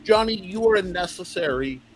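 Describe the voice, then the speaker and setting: A man's voice: sits high, fairly quick. A man co-hosting a casual livestream podcast, upbeat and greeting the viewers in the chat. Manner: upbeat, lively, addresses the chat. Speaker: podcast co-host.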